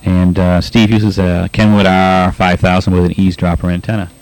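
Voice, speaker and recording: A man's voice: deep voice, flat delivery, darkish tone, dry recording, soft background music, low-quality recording. A man with a Boston accent hosting a pirate radio show, casually reading listener letters with lots of laughs and uhs. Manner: laughs often, halting with many uhs.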